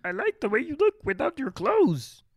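A man voicing a croaky, lecherous little Yoda-like creature, talking in slow, halting, wooing lines. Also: very high-pitched, huge pitch swings, no echo, pitched above the performer's own voice, heavily acted. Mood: leering.

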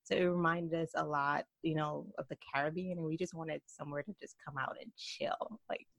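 Brief: woman, 30s, Jamaican-New York accent, low voice, earnest guest who laughs easily. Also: steady tone, moderate pace, dry recording. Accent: Jamaican mixed with New York. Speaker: guest entrepreneur. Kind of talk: podcast interview.

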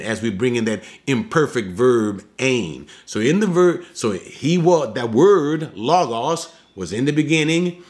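A male preacher teaching from scripture in an unhurried, deliberate way. His pitch swings widely as he leans into key words, pausing to explain them. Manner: emphatic, slows down to explain.

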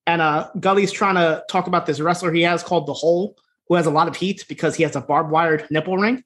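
A man's voice: fairly high pitch, fast talker. A man co-hosting a podcast, recapping a wrestling series in a casual, profane way and acting out what the characters say. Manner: laid-back, profane, laughing, acts out quotes in animated voices. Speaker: podcast co-host.

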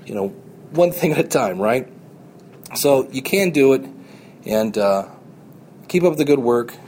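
A man's voice: medium pitch, a little mellow, slight background noise. A man hosting a podcast, talking earnestly and encouragingly in a motivational monologue, often repeating his points. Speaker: podcast host.

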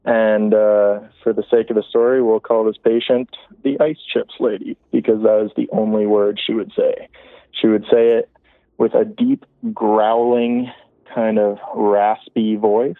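Low-voiced man on a tinny phone line. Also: little pitch movement, a little slow, no echo. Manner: rambling, lots of fillers and restarts. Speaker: caller. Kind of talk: casual call-in storytelling.

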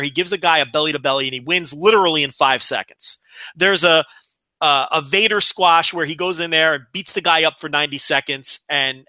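A man's voice: a little high, bright, forceful tone, dry recording. A man co-hosting a podcast, giving opinionated analysis in casual talk with frequent restarts. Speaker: podcast co-host.

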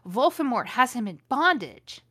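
A woman's voice: fairly high pitch, sing-song, moderate pace, fairly bright tone, slightly rough, pitched above the performer's own voice, full character voice. A woman reading aloud the lines of a melodramatic teenage boy wizard with a vampire nickname, in a mocking, overwrought way.

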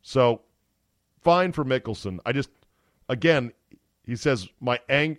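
A male sports talk host riffs in a casual, wry and sarcastic way, at a middle pitch. His voice is heard close and dry, with no room sound around it. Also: measured pace, no room sound.

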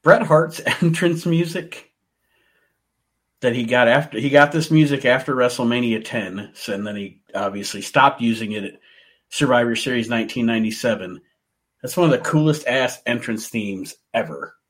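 A man's voice: mid-range voice, moderate pace, a bit bright. A man co-hosting a casual podcast, giving emphatic opinions and laughing often. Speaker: podcast co-host.

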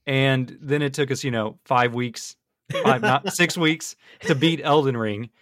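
An easygoing man hosts a gaming podcast and keeps the chat moving. His voice sits at an ordinary pitch and is recorded close and dry, with no room around it. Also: unhurried, fairly bright tone, no echo. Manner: easygoing, steering the talk. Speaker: podcast host.

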